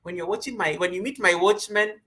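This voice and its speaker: A man hosting a casual live stream from home, greeting viewers by name with lively energy. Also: sits high, a little fast. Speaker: livestream host.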